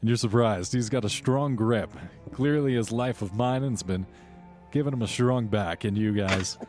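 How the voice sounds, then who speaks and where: A man with a low voice runs a tabletop game, describing tunnels and mines in a relaxed, unhurried way. Faint music plays beneath his narration. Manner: descriptive, relaxed, with small restarts. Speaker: game master.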